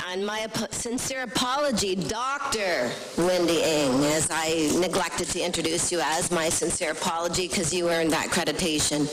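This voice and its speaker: The chair of a council meeting introduces the next presenter in a polite, slightly halting way. The voice sits at a middling pitch, with faint noise in the room. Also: fairly bright tone, low-quality recording. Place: council chamber.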